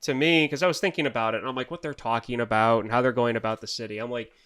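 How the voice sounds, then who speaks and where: A man's voice: mid-range voice, fairly even intonation, rapid-fire, fairly bright tone, clear, resonant tone. A man co-hosting a podcast, rambling and restarting his sentences in casual chat. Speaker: podcast co-host.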